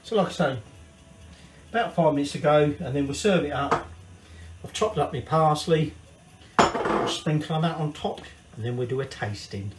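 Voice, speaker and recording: Scottish male cooking host, slightly high voice, rambling and sweary, roomy echoey kitchen sound. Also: lively intonation, moderate pace, loud music behind the voice. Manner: chatty, rambling, sweary asides. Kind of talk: casual cooking demonstration. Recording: echoey room.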